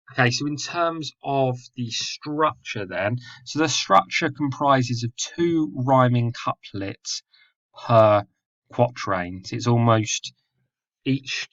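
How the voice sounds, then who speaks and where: A man's voice: medium pitch, fairly bright tone, lo-fi sound. A man teaching a poetry lesson, explaining patiently with fillers and self-corrections. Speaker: English teacher.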